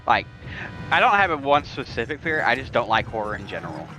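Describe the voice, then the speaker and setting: A man giving casual commentary on a video game race, jokey and quick to tease and laugh. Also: medium pitch, sing-song, music in the background, low-quality recording. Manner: jokey, laughs easily, teasing.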